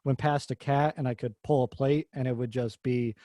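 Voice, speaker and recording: A man's voice: medium pitch, fairly even intonation, normal speed, dark tone, no echo. A man hosting a podcast, talking cars in a rambling, jokey way and swearing casually. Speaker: podcast host. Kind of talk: casual car chat.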